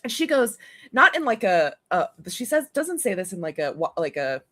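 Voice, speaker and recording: A woman chatting casually as co-host, telling animated stories and laughing often. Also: medium pitch, normal speed. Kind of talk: casual chat.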